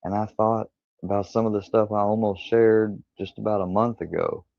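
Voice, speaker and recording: A man's voice: fairly low pitch, level tone, moderate pace, creaky, dark tone, no echo. A man streaming live, telling rambling personal stories in a casual, profane way and acting out the lines of the people in them. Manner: rambling, profane, retells dialogue with quoted voices. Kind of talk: casual storytelling livestream. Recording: dull lo-fi stream audio.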